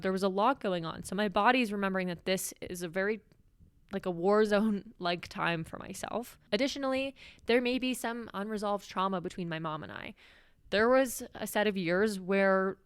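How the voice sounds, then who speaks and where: A woman's voice: fairly low pitch, clean tone, no room sound, clean studio sound. A young woman hosting a podcast, talking candidly and reflectively about her own feelings in a solo, confessional way. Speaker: podcast host.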